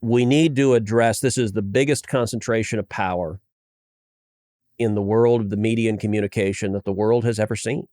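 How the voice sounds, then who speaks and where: A man's voice: lowish voice, fairly even intonation, a little fast, a little mellow, dry recording, studio quality. A man in his forties, a senator and podcast host, chatting casually and telling anecdotes with self-mocking humor. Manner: anecdotal storyteller who laughs at himself. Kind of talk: casual chat.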